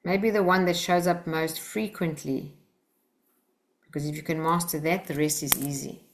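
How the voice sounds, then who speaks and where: Gentle woman coaching a workshop group. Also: low-pitched, steady tone, normal speed. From Australia. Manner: gentle and coaching, acts out phrases to say to children. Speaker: workshop teacher. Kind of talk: teaching a live workshop.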